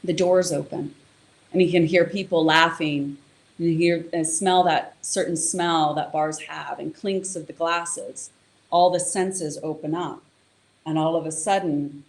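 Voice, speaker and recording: A woman's voice: low voice, steady tone, unhurried. A woman who teaches yoga and meditation, explaining in a casual, chatty way and telling a story. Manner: casual, chatty, with fillers and acted-out quotes.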